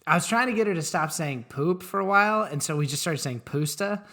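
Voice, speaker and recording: A man's voice: a little high, lively intonation, a little fast, sharp tone. A man co-hosting a podcast, chatting casually in a wry way and laughing often. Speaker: podcast co-host. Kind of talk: casual chat.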